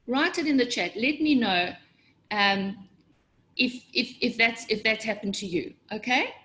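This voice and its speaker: A middle-aged woman with a fairly high voice coaches a webinar audience. She talks in an animated way and jumps up in pitch whenever she acts out the voices in her head. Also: unhurried. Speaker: business coach. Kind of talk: motivational webinar presentation.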